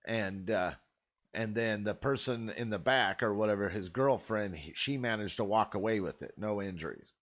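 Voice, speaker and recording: A man's voice: lowish voice, normal speed, fairly bright tone. A man host telling rambling, profane stories in a laid-back, casual way. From Arizona. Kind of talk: casual storytelling.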